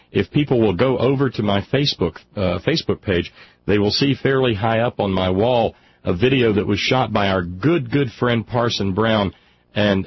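A man hosting a political talk radio show, heated and stammering, restarting sentences often. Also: on the low side. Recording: slightly dull radio audio with faint noise.

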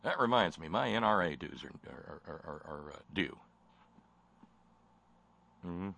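A man's voice: low-pitched, expressive, a little slow, vocal fry, bright, forceful tone. A man hosting a talk show, delivering sarcastic, impassioned commentary with frequent stammered restarts.

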